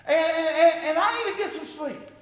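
A man preaching a sermon to his congregation, impassioned and often rising to shouted exclamations. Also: extremely high pitch, normal speed. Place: church sanctuary with a congregation. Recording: echoey hall with long reverb.

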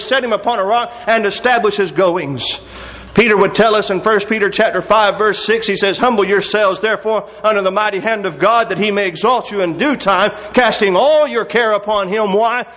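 A man with a notably high voice delivers an earnest sermon. He reads scripture in old-fashioned wording and swings between quiet, slowed passages and raised, pleading appeals to the listener. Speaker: preacher.

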